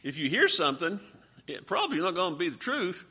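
A man preaching a sermon, asking rhetorical questions with dramatic swings from soft to loud. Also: high voice, very animated, fairly quick, breathy edge.

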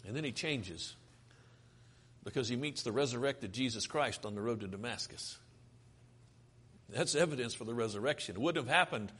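A man's voice: mid-range voice, a bit bright, husky. A man preaching a sermon, earnest and pleading, asking his listeners rhetorical questions.

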